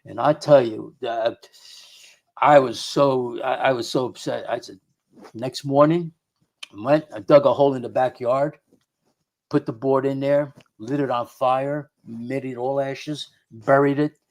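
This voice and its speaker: A middle-aged man telling a story of his own past as a radio guest. His voice sits at an ordinary male pitch, and he wanders through the tale with many restarts, repeated words and quoted lines of what people said. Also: steady tone, measured pace, darkish tone. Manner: rambling, full of restarts and quoted dialogue. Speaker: guest investigator of the unexplained.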